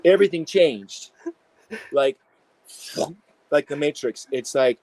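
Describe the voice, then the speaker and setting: A man, an integration psychologist, telling animated stories in a casual interview with many fillers. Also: fairly high pitch, slow pace, no room sound, rough recording.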